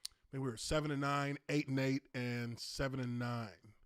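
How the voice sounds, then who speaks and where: A man, a former pro lineman hosting a casual livestream Q&A, telling stories with loud laughs, exclamations and profane asides. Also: mid-range voice, steady tone, normal speed, smooth, no room sound, clean studio sound.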